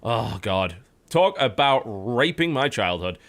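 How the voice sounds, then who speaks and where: Guy hosting a podcast, bright voice, lively sarcastic rants. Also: medium pitch, slow pace. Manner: sarcastic, ranting, teasing. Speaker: podcast host. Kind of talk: casual chat.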